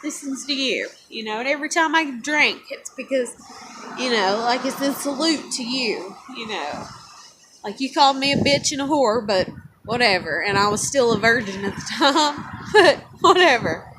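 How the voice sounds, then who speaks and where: Woman vlogger, high voice, profane rambling rant to camera, noisy room. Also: expressive, moderate pace. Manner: profane, rambling, swings between bitter and teary. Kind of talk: drinking and ranting to camera.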